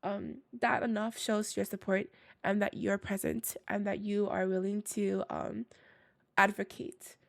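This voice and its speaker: A woman's voice: mid-range voice, little pitch movement, measured pace, creaky. A young woman streamer with a scratchy, tired voice, chatting casually with viewers, rambling with many fillers and frequent laughs. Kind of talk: casual livestream chat with viewers.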